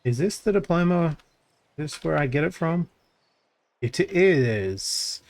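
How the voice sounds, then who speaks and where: A man's voice: expressive, slow, a little mellow. Rambling male game streamer. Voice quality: voice gets crackly when pushed deep. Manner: rambling, thinks aloud with many fillers and restarts. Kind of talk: casual gameplay commentary.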